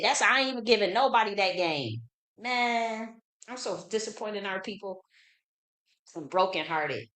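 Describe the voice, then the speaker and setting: A woman's voice: fairly high pitch, bright, forceful tone. A woman, hosting her own channel, ranting casually, profane, repetitive and indignant. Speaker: channel host. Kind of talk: heated casual rant.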